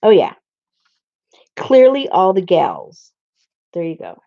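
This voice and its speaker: A woman's voice: on the low side, huge pitch swings, takes it slowly, highs cut off. A woman hosting a casual crafting video, rambling and talking to herself as she hunts through her supplies, standing indoors in her craft room. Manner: rambling, talks to herself while searching. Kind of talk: casual chat while crafting.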